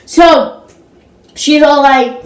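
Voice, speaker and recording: Chatty high-voiced young woman vlogger. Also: extremely slow, distant mic. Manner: chatty, filler-heavy, fills gaps with blah blah. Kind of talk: casual storytime. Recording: roomy echo, voice set back from the mic.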